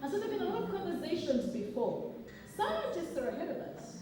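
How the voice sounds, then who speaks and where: A woman's voice: very high-pitched, sing-song, fairly quick, warm tone. A young woman from Uganda, an academic, giving an impassioned public speech. She talks rhetorically and with emphasis, and often checks in with "okay?". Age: young adult. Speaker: academic speaker. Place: large echoey hall. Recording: echoey hall recording from far off.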